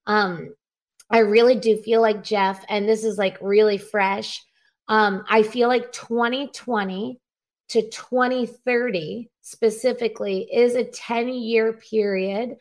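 Brief: upbeat higher-voiced woman in her thirties, laughing often, speaking from home on a call. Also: fairly even intonation, slow. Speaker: guest, revivalist preacher. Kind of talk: casual interview chat. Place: at home on a live video call.

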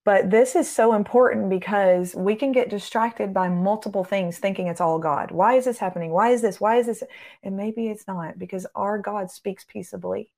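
A woman minister speaking as a podcast guest. She preaches with passion, swinging between urgent emphasis and slow, hushed delivery, and calls out to the listener. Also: medium pitch.

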